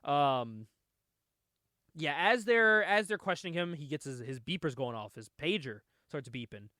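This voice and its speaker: Male podcast host, casual and sarcastic, laughs constantly, very animated pitch. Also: moderate pace, no echo, clean studio sound. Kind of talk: casual comic book discussion.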